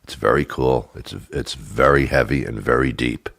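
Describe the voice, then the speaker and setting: A man's voice: extremely low pitch, moderate pace, gravelly, fairly bright tone, dry recording, clean studio sound. A man hosting a talk show, rambling through a comic monologue in a chatty, self-mocking way. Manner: chatty and self-mocking, slipping into silly put-on voices.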